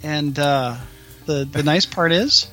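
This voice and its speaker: A man's voice: a little high, slow, a bit bright, faint music behind. A man co-hosting a podcast, chatting casually and teasing his host in a dry way.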